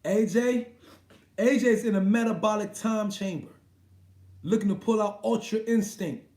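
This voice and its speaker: A man's voice: sits high, a little slow, a little mellow. Laid-back, profane male livestream host. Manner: loose, profane, laughs often. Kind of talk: casual live-stream chat. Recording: echoey room.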